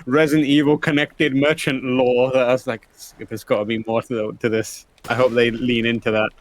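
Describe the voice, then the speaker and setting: A man co-hosting a live game stream, chatting in a relaxed, rambling way and reading out donations. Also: medium pitch, moderate pace. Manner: relaxed, rambling with fillers and restarts. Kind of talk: casual live-stream chat.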